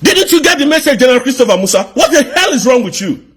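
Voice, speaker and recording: Furious high-voiced Nigerian man ranting. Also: big pitch swings, fast talker, husky. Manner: indignant, repetitive rhetorical questions. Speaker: commentator. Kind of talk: angry political rant.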